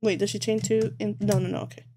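A woman's voice: medium pitch, little pitch movement, fast, music in the background. A woman live-streaming as she crochets, thinking aloud, swearing a lot and mocking herself. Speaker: livestreamer. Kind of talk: casual live-stream chat while crocheting.

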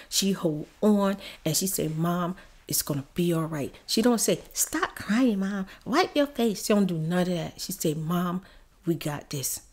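Tearful woman telling a story. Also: lowish voice. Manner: emotional, tearful storytelling, drifts into soft whispers. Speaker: ASMR story-time vlogger. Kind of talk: casual story time while doing makeup.

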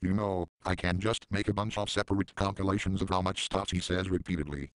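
Deep smooth-voiced guy doing sarcastic deadpan commentary, lots of swearing. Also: fairly quick, dry recording. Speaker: commentary channel host. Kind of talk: mocking commentary.

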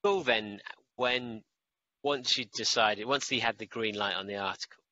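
A male podcast host asking questions in casual interview chat and trading joking banter with quick asides. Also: fairly low pitch, sharp tone, muffled recording, slight background noise.

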